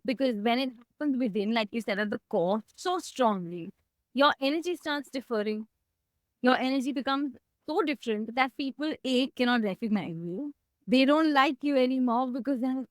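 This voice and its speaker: A woman speaking in a candid, heartfelt way about her own past, reflective and emotional, her voice close to tears at times. She sits a little high for a woman. The sound is dry and close, with no room around it. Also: expressive, normal speed, no room sound. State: tearing up. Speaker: guest. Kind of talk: candid personal conversation.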